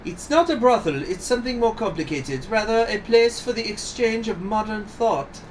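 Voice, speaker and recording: A brash Cockney madam, sly and never rattled, as a man puts her on over a game. The voice sits high and bright, chirpy and cheeky, dodging every question with a grin. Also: lively intonation, normal speed, distant mic, slight background noise. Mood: cheeky, evasive. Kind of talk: reading game dialogue aloud.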